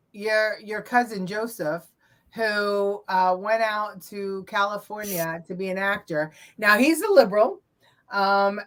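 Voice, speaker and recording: A woman co-hosting a show, chatting casually about viral videos, laughing often and trailing off with fillers. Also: mid-range voice. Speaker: co-host reacting to viral videos. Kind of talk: casual chat.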